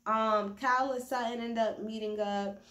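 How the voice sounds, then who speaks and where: Her slightly high, somewhat bright voice keeps a fairly even intonation at a moderate pace while she gives a tipsy, profanity-filled, chatty reality TV recap. The recording, made indoors at home on a built-in device mic, has a roomy echo.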